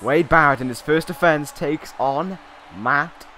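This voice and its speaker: A man's voice: fairly high pitch, measured pace, sharp tone, slight background noise. A man giving casual, joking play-by-play commentary on a wrestling video game, slipping into mock announcer phrasing.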